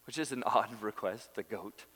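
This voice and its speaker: A man preaching a sermon, telling a story with lively acted-out quotes and laughing asides. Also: on the low side, moderate pace. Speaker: pastor. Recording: long hall reverb.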